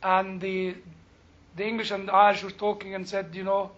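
A man's voice: sits high, flat delivery, a little fast, a bit bright, highs cut off. A man speaking as a rabbi to a group, chatty and joking, often asking the audience questions. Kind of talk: informal talk with jokes.

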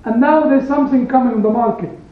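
An echoey room and a phone-like recording frame a very high-pitched teacher telling a story to his small Bible study group. His delivery is animated and emphatic, with pauses to stress single words.

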